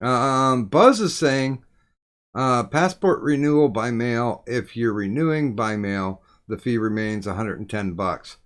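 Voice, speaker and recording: A man hosting a casual live stream, reading viewer messages aloud and trailing off quietly at times. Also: mid-range voice, unhurried. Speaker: stream host.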